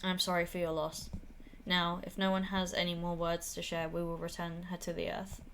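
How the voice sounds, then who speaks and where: A woman voicing a calm, flowery funeral officiant leading rites in a game played aloud. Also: fairly low pitch, moderate pace, a little hiss or hum. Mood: solemn. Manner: solemn, flowery.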